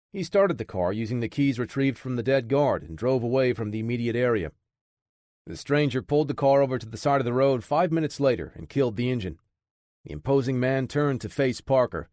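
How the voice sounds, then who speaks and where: This thriller audiobook is read by a man whose mid-range voice carries a steady, measured narrating style. There's no room sound, and the quality is studio-grade.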